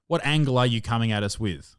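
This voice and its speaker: A young Australian man hosting a comedy podcast, loud and swearing in joking banter. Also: medium pitch, quick pace, clean tone. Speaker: podcast host.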